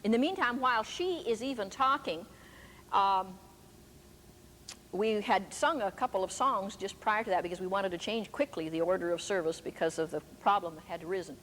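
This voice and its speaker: A woman's voice: mid-range voice, normal speed, a bit bright. An older woman preaching a sermon, telling stories emphatically. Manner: emphatic storytelling. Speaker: preacher and teacher. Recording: echoey hall with faint background noise.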